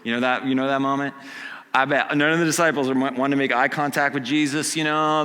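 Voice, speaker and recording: A man preaching a casual, conversational sermon. He acts out quotes and swings from hushed to loud. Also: mid-range voice, fairly even intonation, fairly quick, big-room sound. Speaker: pastor. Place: church sanctuary.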